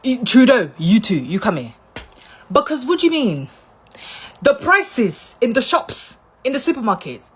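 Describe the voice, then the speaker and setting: Husky-voiced British woman ranting animatedly. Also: fairly high pitch, sing-song, normal speed, fairly bright tone. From United Kingdom. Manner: exclaiming, mock-outraged, repetitive. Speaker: visiting vlogger.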